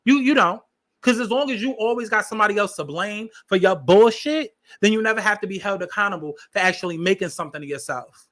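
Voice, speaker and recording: A man's voice: sits high, quick pace, fairly bright tone. A man hosting a podcast, ranting heatedly, swearing a lot and repeating lines for emphasis. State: agitated. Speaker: podcast host.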